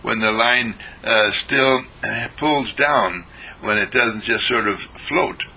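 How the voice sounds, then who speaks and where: A man telling a spiritual story with a gravelly, husky voice. He rambles along with pauses and repeated words. His tone is bright and sharp. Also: mid-range voice, low-quality recording.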